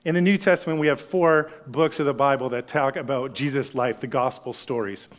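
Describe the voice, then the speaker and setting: A man's voice: mid-range voice, fairly quick. A man in his thirties preaching a sermon, telling a family story in a conversational way before turning to scripture. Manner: storytelling, conversational, drops to a hush for solemn lines. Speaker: pastor.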